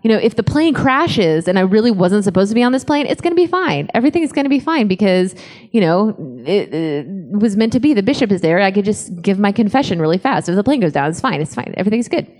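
A woman speaker giving a humorous faith testimony, animated and self-mocking, acting out the voices in her story. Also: mid-range voice, fast talker, big-room sound. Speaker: conference speaker.

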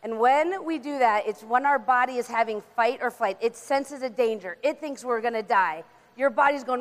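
A young woman giving an animated faith-based talk on anxiety, acting out little voices as she explains. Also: on the high side, normal speed. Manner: animated, acts out voices of God and the brain. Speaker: speaker. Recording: reverberant hall.

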